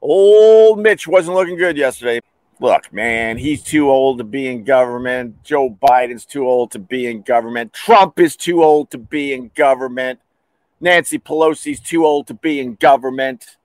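A man hosting a casual comedic monologue, talking animatedly and breaking into shouted bits. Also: medium pitch, measured pace, dry recording. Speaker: host.

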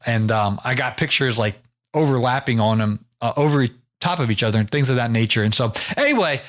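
A man's voice: medium pitch, brisk. A man from the United States hosting his own podcast, telling a story in a casual, rambling way with lots of fillers and restarts. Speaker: podcast host.

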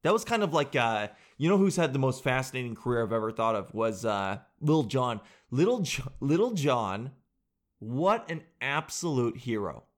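Addressing his audience as guys and dude, a male reaction-video host chats animatedly and laughs a lot. He has a mid-range voice and speaks at normal speed.

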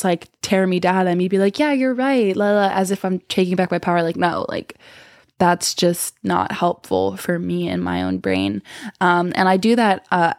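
With a lowish voice and clean studio sound that carries no room echo, a young podcast host chats casually and speaks her mind. She swears a lot, stays blunt and candid, and drifts into rambling tangents.

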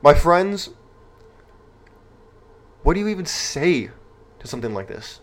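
A man's voice: a little high, very animated, a little slow. A young man hosting an opinion commentary show, reading news aloud and reacting with rhetorical, indignant outrage.

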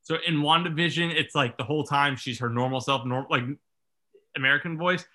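A man's voice: fairly high pitch, a little fast, sharp tone. A man co-hosting a casual movie review podcast, thinking aloud in rambling sentences full of "like". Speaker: podcast co-host.

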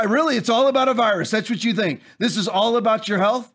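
Fiery high-voiced male preacher-host. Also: fast talker. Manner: preachy, forceful, repeats phrases for emphasis. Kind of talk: fiery political commentary with scripture.

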